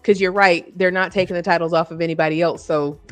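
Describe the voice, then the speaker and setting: A woman co-hosting a casual wrestling podcast, talking in a lively, playful way. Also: fairly low pitch, fast talker, no room sound, soft background music. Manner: lively, playful, laughs often. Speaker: podcast co-host.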